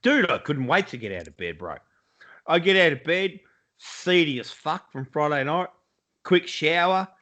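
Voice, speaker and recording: A man's voice: a little high, animated, moderate pace, bright, forceful tone. A man with an Australian accent, co-hosting a casual podcast chat over a video call and swearing freely as he talks sport. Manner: sweary, blokey banter. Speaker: podcast co-host. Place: home, lives in Iowa.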